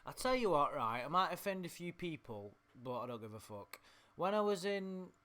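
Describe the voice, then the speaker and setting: Sweary English man, bright voice. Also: on the high side, very animated, normal speed. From England. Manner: sweary, mocking, rambling rants. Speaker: commentator reading chat logs. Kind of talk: casual reading and ranting commentary.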